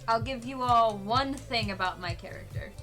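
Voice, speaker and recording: A bubbly young woman co-hosting a board game stream, chatting excitedly as she plays. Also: a little high, moderate pace, music in the background. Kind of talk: casual chat while playing a board game.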